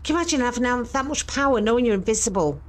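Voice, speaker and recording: A woman's voice: a little high, lively intonation, very fast. A woman reacting to a ghost hunt video, jittery, exclaiming and swearing, rambling when nervous.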